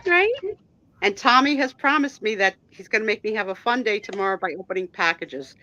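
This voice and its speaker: A woman's voice: medium pitch, animated, a little fast, bright, forceful tone, highs cut off. A woman chatting casually as a guest on a live stream, rambling with restarts over a video call. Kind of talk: casual chat.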